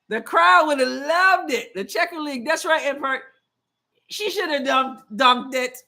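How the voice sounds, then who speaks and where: A woman with a high voice hosts a live basketball watch-along stream. She talks casually and opinionatedly. She mixes quick play-by-play asides with reading viewer comments aloud. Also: sharp tone. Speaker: show host.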